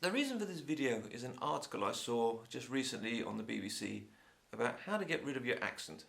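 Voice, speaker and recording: Gravelly Home Counties Englishman, stuffy-nosed. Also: medium pitch, brisk. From England. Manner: chatty, opinionated, lively. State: sore throat and blocked nose. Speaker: English teacher. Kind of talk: casual talk to camera.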